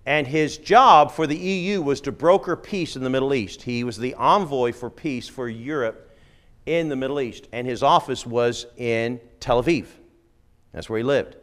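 A man's voice: mid-range voice, normal speed, a bit bright. Emphatic middle-aged male lecturer. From United Kingdom. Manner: emphatic, with frequent "okay?" asides. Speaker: former missionary giving a talk. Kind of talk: conversational lecture on religion.

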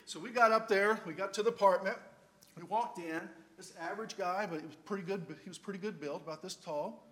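Older man telling a lively sermon story. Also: high-pitched, a little fast. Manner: lively storyteller, playful humor. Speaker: preacher.

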